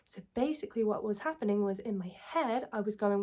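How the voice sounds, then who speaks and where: A woman's voice: medium pitch, brisk, few pauses, dark tone, breathy edge. A woman, telling a personal story and giving self-help advice in a candid, reflective, earnest way.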